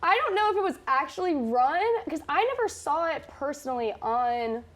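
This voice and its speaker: A woman's voice: high-pitched, expressive, moderate pace, a bit bright. A young woman co-anchoring a student campus show, chatting casually with many ums and restarts. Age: young adult. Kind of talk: casual chat.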